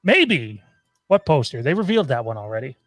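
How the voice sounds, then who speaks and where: A man's voice: mid-range voice, sing-song, a little fast, fairly bright tone, no room sound. A man hosting a casual live show over a video call, running down the lineup in upbeat, teasing patter. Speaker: host.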